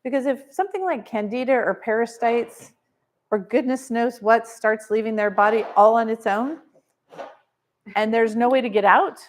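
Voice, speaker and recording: A woman teaching a live seminar to an audience, energetic and coaching, full of rhetorical questions. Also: on the high side, normal speed, slight background noise. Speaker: wellness business trainer.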